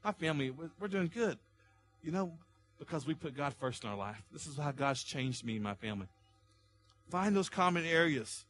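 Male pastor, sermon, high-ish voice, bright and forceful tone, impassioned. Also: animated, moderate pace. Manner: impassioned preaching with rising, shouted pleas.

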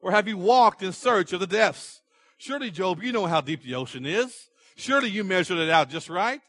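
A man's voice: high-pitched, lively intonation, a little fast, fairly bright tone, dry recording, voice pushed up. A man voicing God as a stern, sarcastic questioner who fires off demanding rhetorical questions.

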